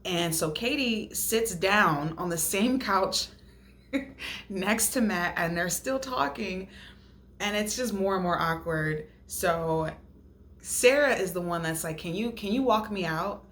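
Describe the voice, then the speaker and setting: A woman's voice: lowish voice, takes it slowly, slight background noise. A woman host retelling a reality show episode in a casual, gossipy way, laughing and acting out what people said. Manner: gossipy, animated retelling with mimicked quotes and laughter. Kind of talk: casual recap chat.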